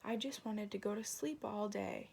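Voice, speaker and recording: A woman's voice: medium pitch, moderate pace, gravelly, darkish tone, a little hiss or hum, lightly acted. A woman voicing a gloomy, sleepy father bear who growls his lines in a storybook reading. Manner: growling, dreary. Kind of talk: storybook read-aloud.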